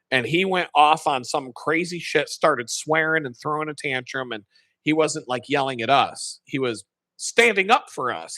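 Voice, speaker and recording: Bright-voiced man telling stories. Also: a little high, no room sound. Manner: profane, animated, laughs often. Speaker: live streamer. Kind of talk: casual storytelling.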